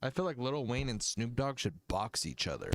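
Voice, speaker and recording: A man hosting a livestream music review, talking casually, joking and swearing as he thinks out loud. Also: mid-range voice, big pitch swings, normal speed, background noise. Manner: profane, jokey, thinks aloud.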